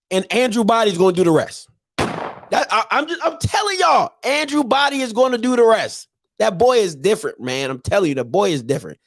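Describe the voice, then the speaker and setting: A man's voice: very high-pitched, vocal fry, no echo. A man hosting a live call-in sports talk show, talking emphatically and repeating his points.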